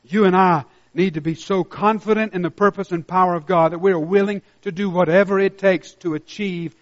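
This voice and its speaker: A man preaching a sermon as pastor, dropping to a hushed intensity and then rising to loud, emphatic exhortation. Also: high-pitched, fairly even intonation, a little fast, few pauses. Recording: muffled lo-fi sermon recording.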